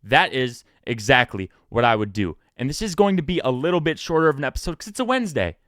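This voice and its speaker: A man's voice: fast talker, no room sound, clean studio sound. A man in his twenties hosting a solo sports podcast, talking casually and joking. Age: 20s. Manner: animated, joking, pitch jumps for emphasis. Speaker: podcast host.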